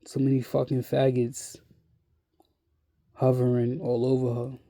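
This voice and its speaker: Slow, gravelly, worn-out man. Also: mid-range voice, completely flat delivery, mellow. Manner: slow, halting and repetitive, with many restarts; blunt and profane. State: weary and worn out. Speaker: vlogger. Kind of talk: casual monologue to camera.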